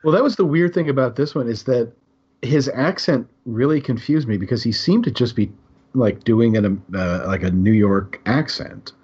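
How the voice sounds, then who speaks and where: A man co-hosting a podcast in a loose, chatty way, rambling into asides and laughing at his own jokes. His voice is husky and breathy. The recording is dull and lo-fi. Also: medium pitch, normal speed, a little mellow. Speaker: podcast co-host. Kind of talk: casual chat.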